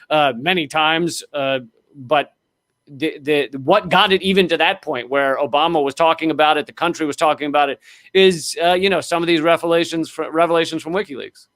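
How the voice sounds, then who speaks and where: A man's voice: fairly high pitch, fairly bright tone, dry recording. A man co-hosting a podcast, talking about politics in a blunt, rambling way. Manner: rambling, many fillers and restarts, blunt. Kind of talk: casual political chat.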